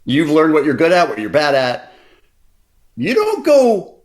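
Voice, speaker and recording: Lively-voiced male podcast co-host. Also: a little high, unhurried, long pauses. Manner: animated, joking, laughs often. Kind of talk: casual chat.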